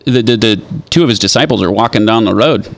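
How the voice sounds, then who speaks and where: A man speaking as a guest on a faith talk show, halting and restarting, then turning animated when telling stories. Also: on the low side, gravelly. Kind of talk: casual faith chat.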